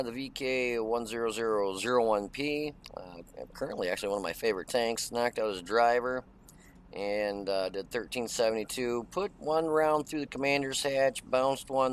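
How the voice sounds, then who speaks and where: A man's voice: on the low side, a little hiss or hum. A middle-aged man casually talking through a replay of his tank game, chatty and folksy with lots of "uh" fillers. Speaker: gaming channel host. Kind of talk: casual gameplay commentary.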